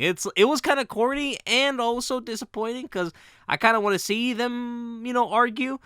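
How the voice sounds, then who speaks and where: A man giving casual vlog commentary, animated, laughing often and swearing casually. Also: high voice, moderate pace, smooth, no room sound, studio quality.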